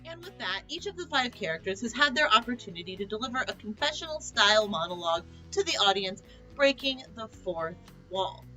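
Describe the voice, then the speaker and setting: Bright-voiced woman explaining her play. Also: mid-range voice, big pitch swings, faint music behind, poor audio. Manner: measured, reflective, explaining. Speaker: playwright giving creator commentary. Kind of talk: explanatory director's commentary.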